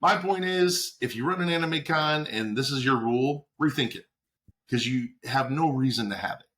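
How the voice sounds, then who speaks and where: A man's voice: mid-range voice, normal speed, fairly bright tone. A man co-hosting a podcast, speaking his opinions plainly in casual chat. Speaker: podcast co-host.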